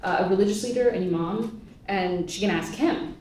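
A woman's voice: mid-range voice, moderate pace, darkish tone. A woman on a panel talking with many restarts and indignation, then moderating questions. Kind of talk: panel discussion. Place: lecture hall. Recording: echoey hall, distant mic, faint noise.

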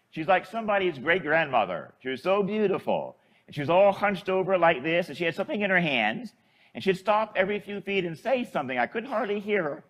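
Male priest, homily storyteller; high, very animated delivery. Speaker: Catholic priest.

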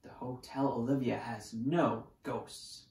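A proud little girl running a pretend hotel, as a storybook reader puts her on, polite and sure of herself. Her voice swings lively up and down with a slight gravelly edge, and the room around it echoes. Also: mid-range voice, unhurried, pitched above the performer's own voice. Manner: polite and self-assured. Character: bossy little girl playing hotel owner. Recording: roomy echo.

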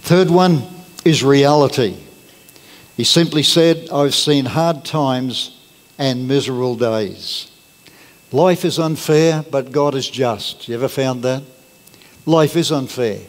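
A man's voice: medium pitch, takes it slowly. A man preaching a sermon as pastor, earnest and plain-spoken, leaning on key words. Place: church hall. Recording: long reverb of a church hall.

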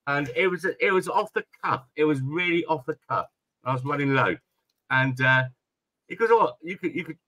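A man with a bright, forceful voice, pitched a little high, swearing his way through casual live-stream chat. He tells his anecdotes with animated energy. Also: normal speed.

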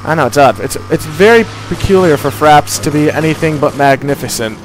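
A man hosting a casual let's play, chatty and excitable, swearing freely. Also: on the high side, fairly quick, soft background music. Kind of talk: casual gameplay commentary.

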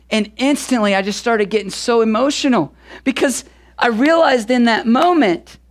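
A pastor in his thirties preaching a sermon through a relaxed personal story, talking conversationally with casual fillers. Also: very high-pitched.

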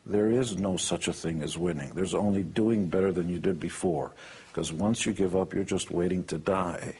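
Interviewee, male, deep husky voice, brags bluntly and jokes between motivational anecdotes. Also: steady tone, normal speed, dark tone. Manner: boastful, blunt and joking.

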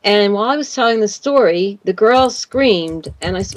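Her voice sits in the mid range as she talks at a normal speed with few pauses, a woman guest on the radio recounting a long personal story. She rambles, repeats words, and leans on "you know" and "like," all in a rough recording.

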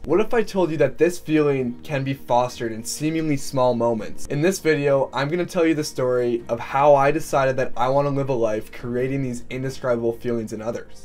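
A man's voice: medium pitch, a little mellow. A young man from Canada narrating his own travel story in a scripted, earnest and upbeat voice-over. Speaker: vlogger.

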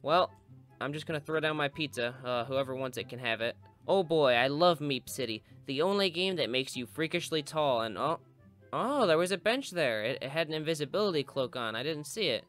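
Bright-voiced goofy young male gamer. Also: fairly high pitch, animated, brisk, faint music behind. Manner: goofy, sarcastic, mock-villainous asides. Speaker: gaming video host. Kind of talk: comedic gameplay commentary.

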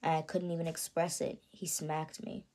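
An 18-year-old woman telling her own story in a vlog, soft and halting, often stopping to ask "you know what I mean". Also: sits low, flat delivery. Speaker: vlogger. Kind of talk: confessional personal storytelling.

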